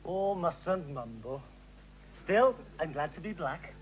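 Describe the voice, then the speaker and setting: A man's voice: a little high, expressive, slow, heavy background noise. A man playing a courting man who earnestly mangles his words, in a comedy sketch.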